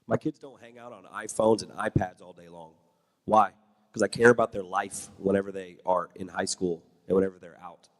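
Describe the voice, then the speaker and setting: Man, very low voice, blunt and opinionated, echoing hall. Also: fairly even intonation, moderate pace. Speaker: church leader and parent. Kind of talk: panel talk.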